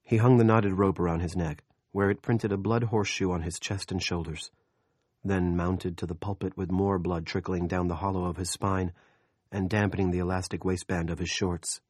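A man narrating an audiobook in a steady, measured storytelling voice. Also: low-pitched, no echo, clean studio sound. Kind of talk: scripted narration.

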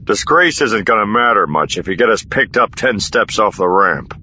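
A man's voice: lowish voice, lively intonation, normal speed, sharp tone, highs cut off, slight background noise, voice pushed up. A man voicing a wry, roguish adult smuggler-hero in an audiobook, with a dry, offhand delivery. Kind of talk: audiobook character voice.

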